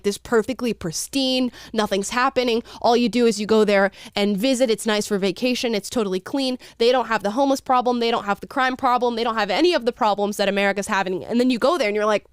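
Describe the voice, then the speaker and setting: An American woman hosting a casual talk show, animated and quick to laugh. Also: on the high side, smooth, no echo, clean studio sound. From United States. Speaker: host.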